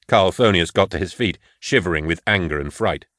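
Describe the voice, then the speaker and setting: A man narrating an audiobook in a measured, grave storytelling voice. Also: low-pitched, fairly bright tone, no room sound, studio quality. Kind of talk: scripted narration.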